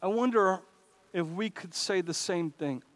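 A man's voice: sits high, a little slow, a bit bright. A man preaching a sermon as pastor of a church, in a casual, conversational way with asides and laughs. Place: church sanctuary. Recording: reverberant hall.

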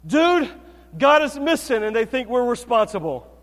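A frightened little boy played by a man blurts his words out in a breathless panic. His voice sits high and loud. The sound rings out in a big reverberant hall. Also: sing-song, normal speed, exaggerated voice. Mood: panicked. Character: frightened young boy, mischievous.

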